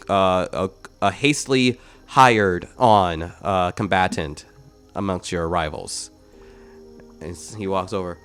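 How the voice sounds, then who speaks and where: A man runs a tabletop game, narrating scenes in an easygoing, rambling way. His voice sits low, and he talks at an unhurried pace. Faint music plays in the background. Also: fairly bright tone, clear, resonant tone. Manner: loose, rambling narration with fillers. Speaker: game master.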